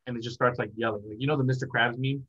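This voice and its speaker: A man's voice: medium pitch, fairly even intonation, rapid-fire, fairly bright tone, husky. Rambling young man on a dull lo-fi line. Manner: rambling, laughs a lot. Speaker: guest, content creator. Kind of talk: casual interview chat.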